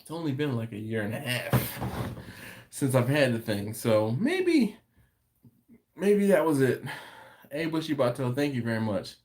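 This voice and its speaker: A man's voice: mid-range voice, big pitch swings, measured pace, long pauses, darkish tone, a little hiss or hum. A man talking casually on a live stream from his home late at night. He reads viewer comments aloud and chats about them, and his voice rises and falls a lot. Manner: chatty and easygoing, laughs often. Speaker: host of a barbecue channel livestream.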